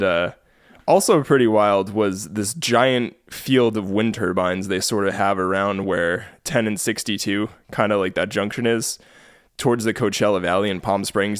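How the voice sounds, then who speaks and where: Low-voiced man telling a travel story. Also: no echo, clean studio sound. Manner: storytelling, laughing often. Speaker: podcast host. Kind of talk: casual chat.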